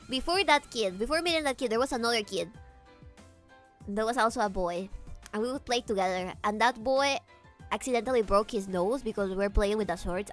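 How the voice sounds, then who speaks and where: A woman streamer chatting casually with her viewers, animated, laughing often and swearing freely, with faint guitar music behind. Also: fairly high pitch. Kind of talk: casual livestream chat.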